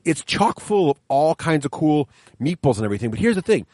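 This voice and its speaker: A man co-hosting a casual board game podcast, energetic and playful, laughing often. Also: a little high, fairly quick, dry recording, studio quality. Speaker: podcast co-host.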